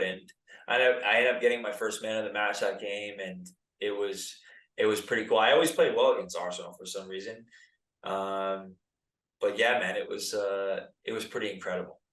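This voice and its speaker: An American man in his thirties, a former pro soccer player telling stories as a podcast guest in a relaxed, chatty way full of filler words. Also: on the low side, distant mic. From United States. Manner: laid-back, lots of "like" and "dude". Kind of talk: casual podcast storytelling. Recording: roomy, set back from the mic.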